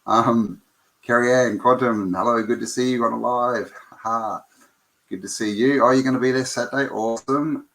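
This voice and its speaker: A man's voice: mid-range voice, fairly even intonation, moderate pace, a bit bright. A man hosting a casual live stream, greeting viewers by name and rambling with lots of ums and restarts.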